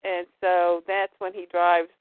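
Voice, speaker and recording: A woman's voice: on the low side, little pitch movement, slow, smooth, no room sound. A woman host casually recapping a comic book, reading lines aloud with wry asides. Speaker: podcast host. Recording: phone-like dry line.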